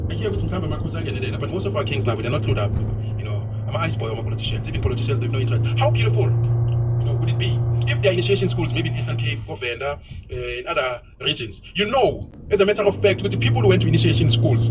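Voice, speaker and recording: Fast-talking, high-voiced South African man. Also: distant mic, very noisy. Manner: blunt, ranting, switches into isiZulu phrases. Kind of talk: opinionated podcast talk.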